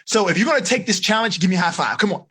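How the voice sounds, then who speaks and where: A man from the United States giving a lively live seminar to teenagers as a life coach, coaxing his audience to answer and acting out little quoted scenes. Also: sits high, rapid-fire, breathy edge. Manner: animated, coaxing the audience, acts out quoted voices. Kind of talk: energetic live seminar talk.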